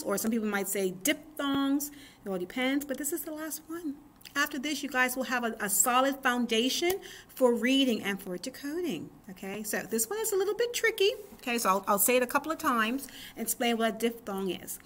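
Upbeat lady teacher doing phonics for kids, kinda high voice, keeps asking okay?. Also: animated, brisk, fairly bright tone. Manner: upbeat, encouraging, says "okay?" often. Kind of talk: phonics lesson for children.

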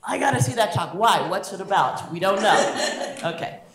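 A woman gives a humorous lecture on science communication, animated and full of jokes, acting out little quotes. Her voice sits at a middling pitch. It rings out in a roomy hall. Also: normal speed. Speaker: guest speaker on science communication.

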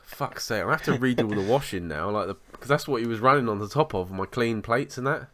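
A man co-hosting a podcast, telling a story in a sweary, animated way in casual chat. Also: mid-range voice, fast, a little hiss or hum. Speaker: podcast co-host.

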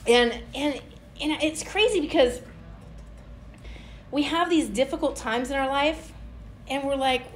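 A woman's voice: high voice, a little slow, pauses often, slight background noise. A woman pastor preaching a conversational sermon, playfully acting out little prayer scenes. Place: church hall. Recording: echoey church room.

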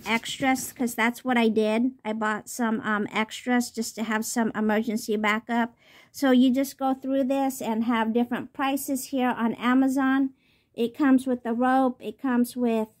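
A woman vlogger giving casual product tips, chatty and rambling, with many ums and restarts. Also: high-pitched.

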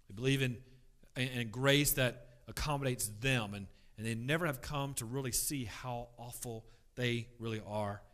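A man teaching a church Bible class, emphatic, swinging between loud stress and quiet asides, often repeating words as he restarts. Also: mid-range voice.

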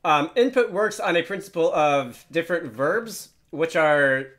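Chatty man with a slightly high voice. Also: expressive, a little slow, fairly bright tone. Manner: chatty and joking, with frequent filler words and restarts. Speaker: programming tutorial host. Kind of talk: casual screen-share tutorial.

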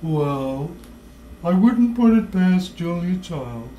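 A home cook talking through baking in a slow, whimsical, playfully mock-serious way in a kitchen. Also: medium pitch, expressive, mellow, roomy sound, muffled recording, a little hiss or hum. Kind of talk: playful cooking video banter.

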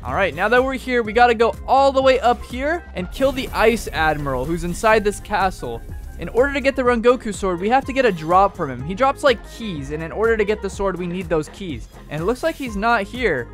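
A young man giving excited, joking commentary on a game he is playing. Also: sits high, a little fast. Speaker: gaming video host. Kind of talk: gameplay commentary. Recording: faint music behind. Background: background music.

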